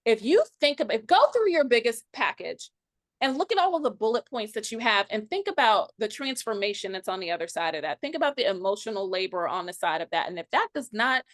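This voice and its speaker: A woman's voice: fairly high pitch, expressive, fairly quick, no room sound. Sassy, emphatic woman coach. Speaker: pricing coach for wedding professionals. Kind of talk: casual podcast chat.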